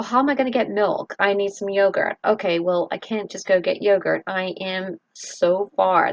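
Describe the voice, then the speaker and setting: A middle-aged woman from Southeast Texas talking in a halting, earnest confessional vlog, with many pauses and fillers. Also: medium pitch, creaky, no room sound, muffled recording. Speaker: vlogger.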